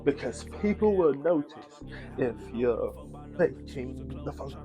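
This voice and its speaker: A man's voice: mid-range voice, lively intonation, takes it slowly, music in the background. A young man, chatting casually in a vlog with a laid-back, slangy way of talking. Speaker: vlogger.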